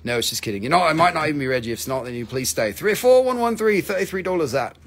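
A man with a somewhat high voice hosts a live stream selling crystals. He talks in loose, goofy chat, cracks jokes and swears freely. It sounds casual and off the cuff. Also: lively intonation, racing, fairly bright tone, slight background noise.

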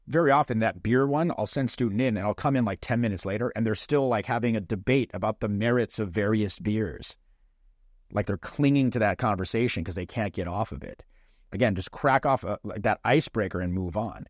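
A man coaching dating in a casual, blunt way, swearing freely and acting out quick mock lines. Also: lowish voice, dry recording, clean studio sound.

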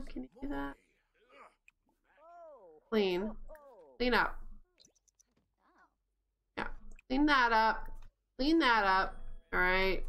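A woman's voice: mid-range voice, a bit bright. A woman streaming a life-sim game, talking casually and exclaiming and laughing often at what happens on screen. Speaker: gaming streamer. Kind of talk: casual live-stream commentary.

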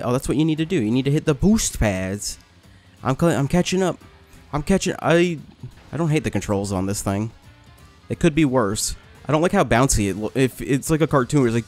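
A man giving casual let's-play commentary, complaining, swearing and getting excited as he plays. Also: medium pitch, fairly quick, soft background music. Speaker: gaming video host.

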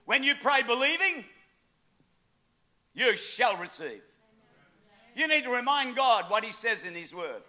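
An older man preaching a sermon, telling stories with animated acted-out quotes. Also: very high-pitched, a little slow, pauses often. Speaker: pastor.

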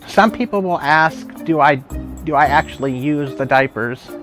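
A man's voice: on the high side, normal speed. Earnest man in a documentary clip over music. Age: 30s. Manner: earnest, matter-of-fact, proud. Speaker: documentary interviewee. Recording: clip played with music behind. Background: background music.

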